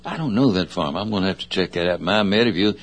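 A man's voice: deep voice, fast. A man with a Southern US accent hosting a radio show, talking in a casual, rambling way with many fillers and self-corrections. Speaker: radio host. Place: radio studio.

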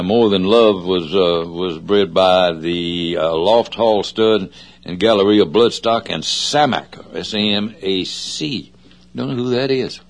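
A man with a Southern US accent hosting a radio show, talking in a casual, rambling way with many fillers and self-corrections. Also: lowish voice. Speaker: radio host. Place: radio studio.

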